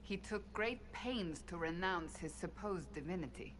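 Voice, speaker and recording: A woman's voice: on the low side, lively intonation, measured pace. An actress voicing an earnest, curious woman companion in a video game. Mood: inquisitive. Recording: echoey game audio, faint ambience.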